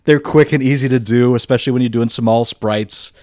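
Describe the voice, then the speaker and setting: A man's voice: medium pitch, steady tone, fairly quick, a little mellow, no room sound, studio quality. A man co-hosting a casual podcast chat, talking in an easygoing, enthusiastic way. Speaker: podcast co-host.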